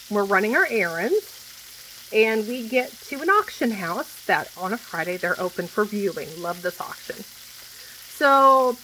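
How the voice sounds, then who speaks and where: A woman in her forties talking straight to camera at home, blunt and profane, hammering her points with repetition. Her voice sits in an ordinary middle pitch for a woman. Faint pan sizzle hisses behind her in the kitchen. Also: fairly bright tone, low-quality recording. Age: 40s. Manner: blunt, swears freely, repeats herself for emphasis. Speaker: vlogger. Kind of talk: casual venting monologue. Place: home kitchen while food cooks. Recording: faint frying noise behind. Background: food sizzling in a pan.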